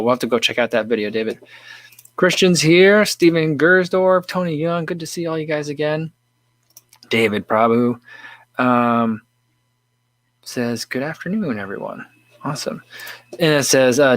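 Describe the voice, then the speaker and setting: A man's voice: mid-range voice, no room sound. Easygoing man hosting a casual livestream. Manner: easygoing, rambling with many fillers and restarts. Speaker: livestream host. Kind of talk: casual livestream chat, tasting beer and reading comments.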